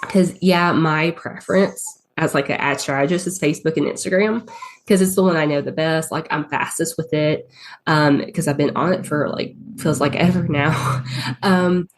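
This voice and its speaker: A low-pitched woman with a Southern US drawl talks through a podcast interview with a cold. Her delivery is chatty and loose, peppered with filler words as she thinks aloud. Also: a little slow, slight background noise. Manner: chatty, lots of ums and likes. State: has a cold. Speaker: guest, paid ads strategist.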